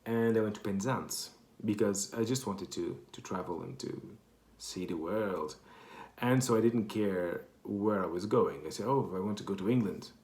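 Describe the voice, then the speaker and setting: Recorded in an echoey space, the clip has a Portuguese-accented man from Portugal chatting casually through a rambling anecdote full of self-corrections. His voice is lowish and darkish, at a normal speed.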